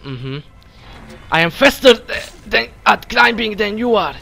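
A man's voice: sits high, lively intonation, measured pace, gravelly, sharp tone, faint music behind. A man doing let's play commentary, taunting enemies and talking to himself as he plays. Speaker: gamer, let's play host. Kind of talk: gameplay commentary.

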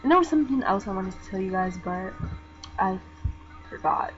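Soft-spoken rambling young woman gamer. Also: animated, normal speed. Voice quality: soft-spoken, talks low. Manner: rambling, chatty, lots of fillers. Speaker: gaming vlogger. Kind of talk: casual gameplay commentary. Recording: dull lo-fi mic with game music. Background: game music.

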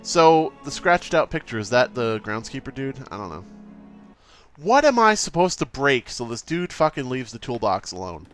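A man doing let's play commentary, exasperated, swearing a lot and reading the game's options out loud. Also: mid-range voice, very animated, normal speed, soft background music. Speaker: gaming YouTuber.

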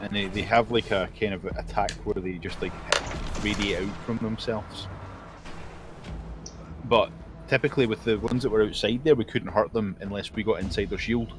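A man on a headset in a gaming voice chat, calmly explaining tactics to his teammates. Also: on the low side, normal speed, noisy background. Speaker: gamer on the raid team. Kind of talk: casual team voice chat.

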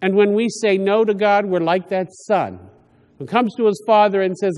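A priest with a high, light voice delivers a homily, speaking plainly and often stopping to restart a thought. His words ring out with the long reverb of a church. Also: a little mellow. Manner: conversational, halting with frequent restarts.

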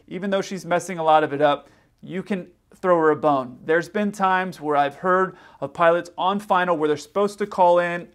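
High-voiced man giving casual aviation commentary. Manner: casual, advising, plain-spoken. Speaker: pilot and aviation YouTuber. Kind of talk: commentary on radio clips.

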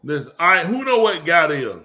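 A man's voice: a little high, sing-song, a little fast, pushed and bright. A man telling a rambling, slangy comic story to a live audience. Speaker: comedy show host.

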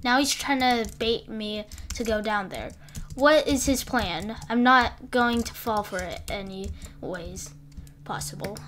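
Young female gamer, high-pitched and slow-talking, rambly flustered live commentary with faint keyboard clicks. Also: a bit bright. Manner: rambling, flustered, breaks off mid-sentence often. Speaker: gaming YouTuber.

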